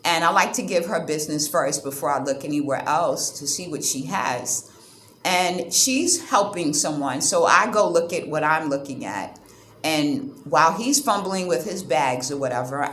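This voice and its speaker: Woman vlogger, lowish voice, animated and indignant storyteller, roomy sound with faint background hum. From United States. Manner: animated, indignant retelling with quoted exchanges. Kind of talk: casual storytelling to camera.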